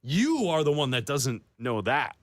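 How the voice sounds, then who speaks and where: A man's voice: mid-range voice, very animated, measured pace, dry recording. A man co-hosting a sports radio show, teasing his partner in casual, playful banter. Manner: teasing, playful, laughs easily. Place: radio studio. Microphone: studio microphone.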